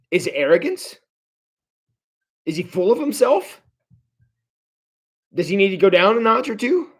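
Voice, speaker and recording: Man, pastor type, high voice, casual livestream teaching, restarts phrases often. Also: moderate pace, long pauses, slightly rough. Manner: conversational, animated, repeats words when restarting; addresses viewers directly. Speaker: pastor leading a Bible study. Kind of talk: livestreamed Bible study teaching.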